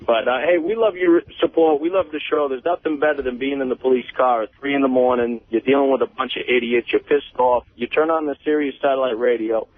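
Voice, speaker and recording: A man's voice: mid-range voice, quick pace, hardly any pauses, no room sound. A man from Rhode Island with a Rhode Island accent, calling into a radio show as an eager, friendly fan. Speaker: caller. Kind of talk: phone call to radio show. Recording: tinny phone line.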